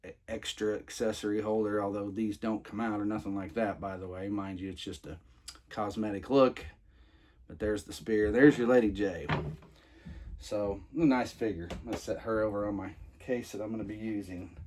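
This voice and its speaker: A man's voice: fairly low pitch, fairly even intonation, normal speed, darkish tone. A man casually reviewing toys he is unboxing, rambling with many fillers and restarts. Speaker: toy reviewer.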